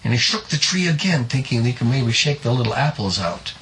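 A man telling a folksy story in a drawn-out, homespun way, adding spoken sound effects. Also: mid-range voice, big pitch swings, a bit bright, slight background noise.

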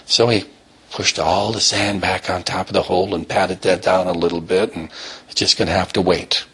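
Low-voiced guy spinning a slow story, repeats himself, husky. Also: steady tone, fairly bright tone. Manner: slow, repetitive, drawn-out storytelling. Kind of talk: told bedtime-style story.

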